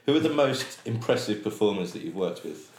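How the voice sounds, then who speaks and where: A man hosting an interview with a guest, relaxed and joking as he moves on to his next question. His voice is very low. He sounds a little off the mic, in an echoey room. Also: fairly quick, creaky.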